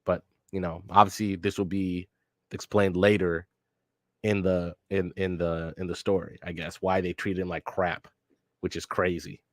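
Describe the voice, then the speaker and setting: Deep-voiced man, casual rambling commentary. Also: flat delivery, moderate pace, no room sound, clean studio sound. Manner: rambling and casual, with fillers and swearing. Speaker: reaction video host. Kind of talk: casual reaction commentary, reading a manga aloud.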